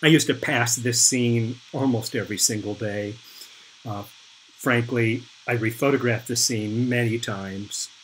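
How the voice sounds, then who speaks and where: A middle-aged man giving an art lecture, explaining slowly and pointing things out on images. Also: medium pitch, steady tone, a bit bright, a little hiss or hum, rough recording. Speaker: art instructor. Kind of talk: recorded lecture over slides.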